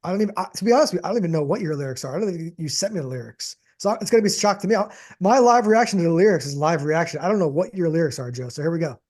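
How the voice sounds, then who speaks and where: Guy rambling fast on a podcast, high voice, says dude a lot. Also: lively intonation, darkish tone. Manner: rambling, restarts often, says dude and man. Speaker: podcast co-host. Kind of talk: casual chat.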